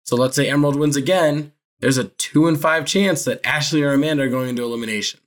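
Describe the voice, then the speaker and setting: A man in casual podcast conversation, his voice sitting at an ordinary middle pitch. He rambles, trips over his words and laughs along as he makes his points. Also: quick pace. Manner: rambling, self-correcting, laughs often. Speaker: podcast co-host. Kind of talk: casual chat about a reality show.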